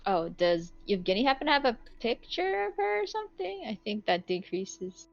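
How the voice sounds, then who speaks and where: A woman playing a tabletop game, thinking aloud and talking fast through her options. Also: fairly high pitch, big pitch swings, vocal fry, muffled recording, faint music behind. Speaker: player. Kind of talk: casual tabletop play.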